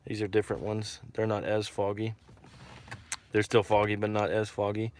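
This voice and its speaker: A man's voice: on the low side, completely flat delivery, normal speed, a little mellow, a little hiss or hum. A man from Texas hosting a casual livestream and reading out viewer comments, rambling and repeating himself with lots of fillers.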